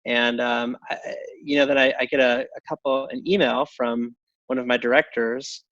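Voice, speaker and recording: A middle-aged man talking casually as an interview guest, halting, with lots of restarts and fillers. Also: medium pitch, little pitch movement, fairly bright tone, no room sound, lo-fi sound. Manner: halting, many restarts and fillers, chuckles often. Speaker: guest, tech company CEO.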